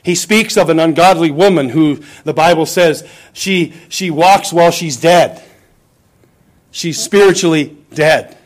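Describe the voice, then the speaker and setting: A man with a high voice preaches a sermon. He leans hard on his points and acts out the scripture he quotes with drama. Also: unhurried. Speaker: pastor.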